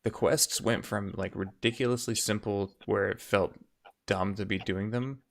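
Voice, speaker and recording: A man's voice: on the low side, fairly even intonation, moderate pace, vocal fry, crowd noise. A man co-hosting a gaming podcast, chatting casually about gameplay in a rambling way, chuckling between thoughts. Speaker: podcast co-host. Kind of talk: casual chat reviewing gameplay.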